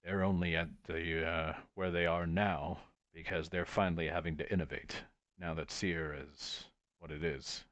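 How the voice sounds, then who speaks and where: A man's voice: deep voice, little pitch movement, moderate pace, fairly bright tone, dry recording. A man voicing a wistful, loyal shifter family man who talks in a nostalgic, rambling and blunt way. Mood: advising.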